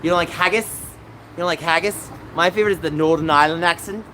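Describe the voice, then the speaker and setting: On a noisy city street, a male livestream host answers his live chat casually and drifts between stories. He talks fast, a little high, with a pushed, bright sound.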